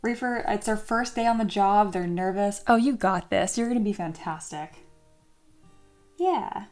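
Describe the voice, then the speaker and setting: A woman's voice: mid-range voice, unhurried, a little mellow, soft background music. A woman hosting a casual livestream, chatting with her viewers, reading their comments aloud and cheering them on. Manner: upbeat and encouraging toward viewers. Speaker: livestream host and 3D sculptor.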